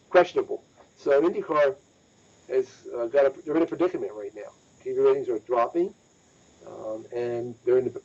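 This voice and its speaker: A man's voice: medium pitch, mellow. A man hosting a motorsports podcast, talking casually and emphatically and repeating points for stress. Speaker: motorsports news podcast host. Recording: dull lo-fi audio.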